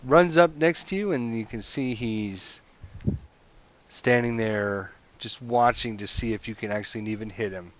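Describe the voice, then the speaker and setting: A man narrating a tabletop game as game master, in an unhurried way. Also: medium pitch. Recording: dull lo-fi audio.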